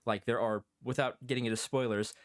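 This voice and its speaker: A man's voice: medium pitch, a little fast, no room sound, clean studio sound. A man co-hosting a podcast, chatting casually and acting out his reactions while he tells a story. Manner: animated storytelling, acts out his own thoughts. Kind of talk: casual chat.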